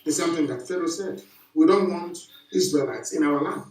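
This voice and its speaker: A man's voice: fairly high pitch, moderate pace, a little mellow. Male orator, preaching cadence, repetitive rhetorical questions, set back from the mic in a roomy space. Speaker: broadcaster. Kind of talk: impassioned live broadcast address. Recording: echoey, distant from the mic.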